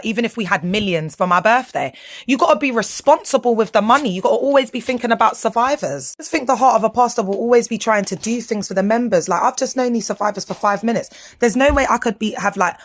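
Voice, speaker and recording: Woman, indignant vlog commentary, slangy, mid-pitched voice, swings from low asides up to high exclamations. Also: fairly bright tone. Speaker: vlogger speaking out about her former church. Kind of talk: commentary over photos, talking to viewers.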